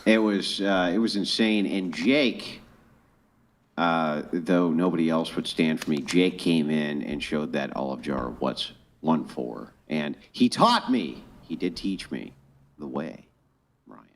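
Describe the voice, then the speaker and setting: A man's voice: extremely low pitch, slow pace. A man co-hosting a podcast, telling mock-dramatic joking stories in casual chat. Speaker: podcast co-host.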